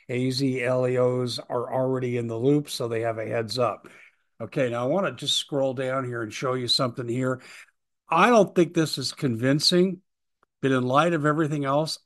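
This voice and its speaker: A middle-aged man hosting his own show, talking urgently and earnestly, hoarse from talking all day. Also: medium pitch. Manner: urgent, earnest, reading out posts. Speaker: host. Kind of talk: solo show monologue.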